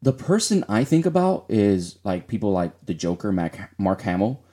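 A man's voice: fairly low pitch, very animated, normal speed, mellow. A man co-hosting a casual gaming podcast, rambling with many fillers and restarts. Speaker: podcast co-host.

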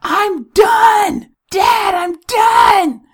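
A man voicing a three-year-old girl who shouts insistently for her dad. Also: very high voice, extremely slow, pitched above the performer's own voice, full character voice. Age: child voice.

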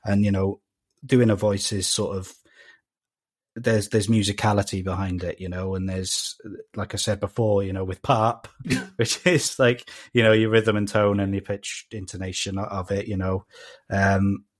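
A man with a fairly low voice chats as a podcast guest, thinking aloud. His talk rambles, full of fillers and restarts, and stays relaxed and conversational. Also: moderate pace. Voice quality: rambling, thoughtful, many "you know" fillers. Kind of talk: casual podcast chat.

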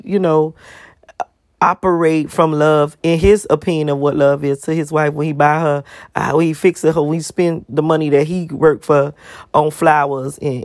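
A woman's voice: low voice, darkish tone, no room sound, clean studio sound. A woman vlogger ranting to her viewers, emphatic and profane, firing off one rhetorical question after another. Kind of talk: ranting monologue to camera.

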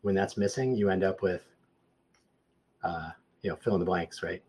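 A man with a somewhat low, husky voice that sounds hoarse from a lingering throat problem. He talks in a loose, rambling way, restarting sentences and growing louder when he gets animated. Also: normal speed. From Southern Nevada. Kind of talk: casual chat.

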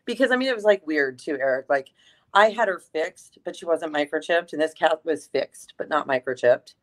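Animated woman telling a story. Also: sits low, moderate pace. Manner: animated, swears freely, lots of fillers. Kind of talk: casual storytelling chat.

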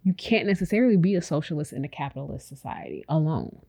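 A woman with a slightly low voice talking openly on a podcast. She rambles in a relaxed, reflective way, full of fillers, and speaks right to her listeners as if they were friends. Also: fast talker, creaky. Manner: speaks directly to listeners as "y'all". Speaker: podcast co-host. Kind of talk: casual chat.

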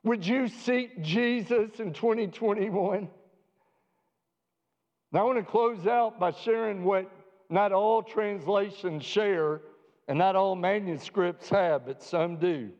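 A man preaching a sermon with a dramatic, emphatic delivery, slowing down to stress key phrases. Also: high voice, darkish tone. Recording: dull audio with long hall reverb.

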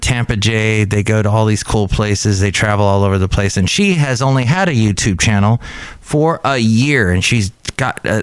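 Man, podcast host, rambling casual chat, smooth clear voice, dry close sound. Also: dry recording. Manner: rambling, chatty, excitable jumps in pitch. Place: cafe.

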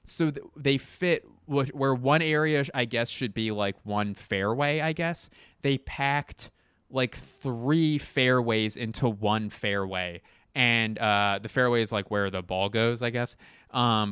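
A man's voice: medium pitch, fairly even intonation, measured pace, a bit bright, smooth, no room sound, studio quality. A young adult man, a podcast host, at home telling a rambling, profane, self-mocking comedic story in casual monologue. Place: at home, in a bedroom.

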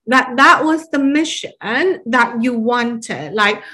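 A woman's voice: a little high, slow, sharp tone. A woman interviewer asking long, rambling questions full of fillers. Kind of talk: conversational interview.

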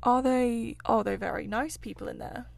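A woman's voice: a little high, a little slow, a little mellow, dry recording. A woman voicing a timid, wide-eyed male mole, new to the river, in an eager, nervous storybook reading.

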